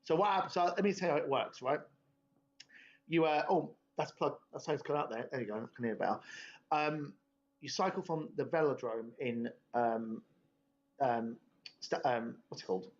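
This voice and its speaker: A man's voice: medium pitch, expressive, normal speed. A young man, telling a rambling, sweary story in laddish podcast chat. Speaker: podcast host. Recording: dull lo-fi podcast audio.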